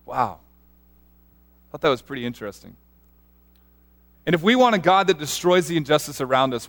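Earnest man preaching, slightly higher voice. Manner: earnest, animated storytelling with frequent restarts. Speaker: pastor. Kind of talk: sermon.

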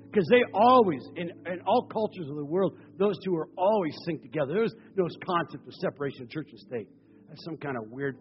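Man preaching, high voice, animated storytelling, loud then hushed, dull lo-fi recording, faint music behind. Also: long reverb tail. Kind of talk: sermon.

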